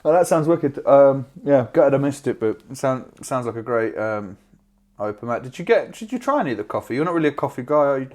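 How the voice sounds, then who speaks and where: A man co-hosts a podcast in casual chat, with a mid-range voice. He talks at a brisk clip and keeps things chatty and upbeat, dropping in the odd casual swear. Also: mid-range voice, animated, darkish tone. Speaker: podcast co-host.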